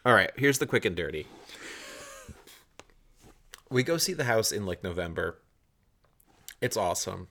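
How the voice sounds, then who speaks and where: Low-voiced wry man. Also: animated, unhurried, long pauses, sharp tone, slight background noise. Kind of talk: casual chat.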